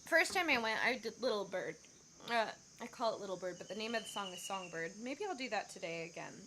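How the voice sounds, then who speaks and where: A woman's voice: medium pitch, expressive, fast, pushed and bright, slight background noise. A woman singer telling a rambling story on her casual livestream, with many fillers and self-corrections. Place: Bali.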